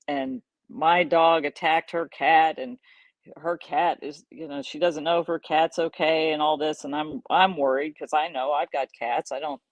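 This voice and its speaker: A middle-aged woman hosting a podcast, casually recounting a personal story in an animated way, chuckling and restarting her sentences. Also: low voice, no echo. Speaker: podcast host.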